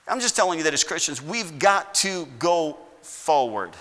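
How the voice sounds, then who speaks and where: A slightly high, sing-song voice with a fairly bright tone moves at a moderate pace and barely pauses. The American pastor delivers his sermon in a church sanctuary, firing rhetorical questions and building to emphatic bursts. The hall's long reverb lingers on the recording.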